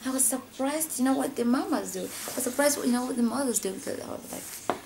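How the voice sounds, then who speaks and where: A woman from Africa telling a personal story in a vlog, saying "you know" constantly and jumping high in pitch when she quotes others. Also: a little fast, gravelly, background noise. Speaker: vlogger.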